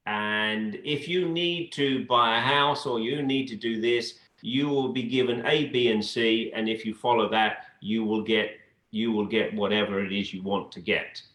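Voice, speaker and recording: A man being interviewed as a guest in a casual chat, talking in a relaxed, halting way with frequent restarts. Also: lowish voice, echoey room. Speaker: guest, dance adjudicator.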